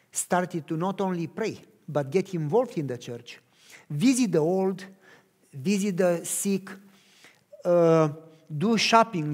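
A male pastor telling a personal testimony in a sermon, speaking earnestly in short, measured phrases. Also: high voice, darkish tone.

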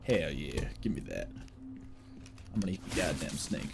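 A man's voice: rumbling low, moderate pace, creaky, background noise. A young man casually commentating his gameplay for chat, joking and swearing often. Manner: excitable, jokey, swears a lot, talks to chat. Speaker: streamer.

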